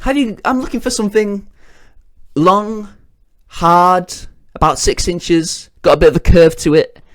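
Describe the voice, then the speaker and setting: Man doing a coy, halting shopper. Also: sits high, steady tone, voice pushed up. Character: bashful thirtysomething man shopping suggestively.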